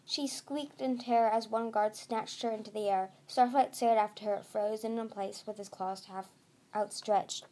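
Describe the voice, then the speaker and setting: A woman reading a novel aloud in a steady voice, often tripping over words and correcting herself. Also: medium pitch, moderate pace. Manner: steady with frequent slips and self-corrections. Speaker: storybook reader.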